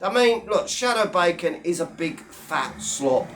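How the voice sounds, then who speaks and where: Speaking directly to camera, an online commentator delivers a blunt, profanity-laced rant, scornful and mocking as he tears into his targets. His voice is high, animated and slightly bright, at an unhurried pace, with slight background noise.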